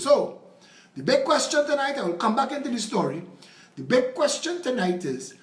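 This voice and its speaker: A man's voice: high-pitched, echoey room. A man with a Trinidadian accent hosting a political call-in show, combative and sarcastic. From Trinidad and Tobago. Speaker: political talk show host.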